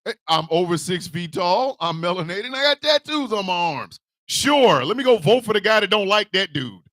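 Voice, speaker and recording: A man ranting comedically as a show host, loud and animated with shouted bursts. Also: sits high, moderate pace, no echo, studio quality. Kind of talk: comic rant.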